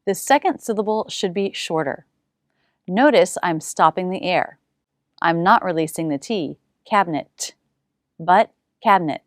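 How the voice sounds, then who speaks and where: Woman teacher drilling sounds slowly. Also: lowish voice, no room sound, studio quality. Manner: slow, exaggerated demonstration of single sounds. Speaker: pronunciation teacher. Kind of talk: English pronunciation lesson.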